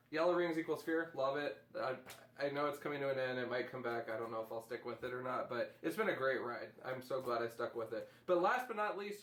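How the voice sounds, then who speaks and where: A man's voice: on the high side, fairly bright tone, echoey room. A man hosting a casual chat, enthusiastically rambling through comic reviews. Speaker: host.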